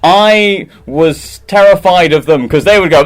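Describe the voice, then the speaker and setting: A man's voice: high-pitched, measured pace, hardly any pauses, raised voice. A man rambling through an improvised comic monologue in a goofy way. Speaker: improv performer.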